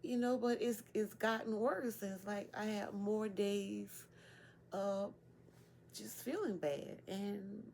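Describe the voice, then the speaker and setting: A woman's voice: mid-range voice, fairly even intonation, slow, creaky, darkish tone, a little hiss or hum. A middle-aged woman talking candidly and wearily in her own video diary. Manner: weary, candid. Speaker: vlogger.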